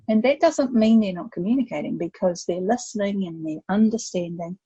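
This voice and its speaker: Older woman, grandmother, podcast guest, gravelly husky voice, animated storyteller, dry dull recording. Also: mid-range voice, dry recording. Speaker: guest expert. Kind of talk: podcast conversation.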